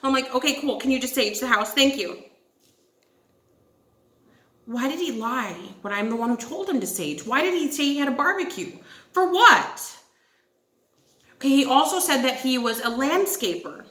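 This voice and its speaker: The host of this casual storytime vlog is a young woman whose voice sits high and sounds fairly bright. She speaks animatedly at a normal speed, swearing and calling her audience "guys," and the recording has an echoey room sound.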